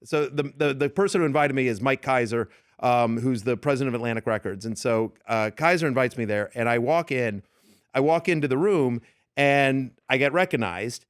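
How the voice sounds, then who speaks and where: A man's voice: mid-range voice, normal speed, clear, resonant tone, no room sound, clean studio sound. A man working as a fantasy football analyst, chatting in an interview and acting out the people in his stories. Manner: animated storyteller, acts out quoted yelling. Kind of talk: casual interview storytelling. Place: radio studio.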